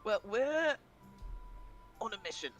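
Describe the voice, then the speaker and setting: A man's voice: high voice, big pitch swings, takes it slowly, fairly bright tone, muffled recording, faint music behind. A man playing a tabletop game, speaking hesitantly and politely in character. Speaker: player. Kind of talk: tabletop role-play.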